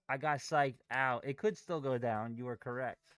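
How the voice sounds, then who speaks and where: A man commentating his live trades, swearing heavily and swinging from low muttering to angry yelling. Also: normal speed, few pauses, clear, resonant tone, no echo, clean studio sound. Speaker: day trader streaming live.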